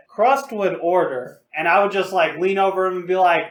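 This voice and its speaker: High-voiced young man telling rowdy stories. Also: normal speed, hardly any pauses, roomy sound. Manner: profane, loose and laughing. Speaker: podcast co-host. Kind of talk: casual storytelling.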